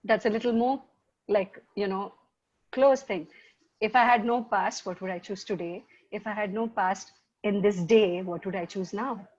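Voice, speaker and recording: A woman's voice: mid-range voice, fairly even intonation, moderate pace, darkish tone. A woman facilitating a webinar, talking informally and rambling with lots of "like" and restarts. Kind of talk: informal motivational talk. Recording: dull lo-fi webinar audio.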